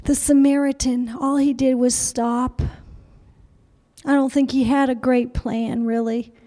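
High-voiced woman preaching with whispered dips. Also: level tone, unhurried, dark tone. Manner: emotional storytelling, stammered repetitions, dips into whispers. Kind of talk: sermon.

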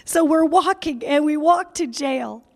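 A woman preacher telling a story in a sermon, lively and laughing often, acting out the voices of people she quotes. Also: high-pitched, a little slow. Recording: long hall reverb.

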